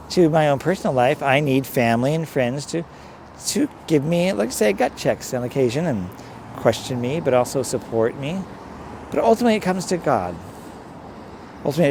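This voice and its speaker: A priest talks straight to his listeners in a loose, rambling reflection, at a middle pitch. Faint traffic hums behind him outdoors. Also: darkish tone. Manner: conversational, rambling, direct address to listeners. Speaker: priest, pastor. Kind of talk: reflective sermon-style talk.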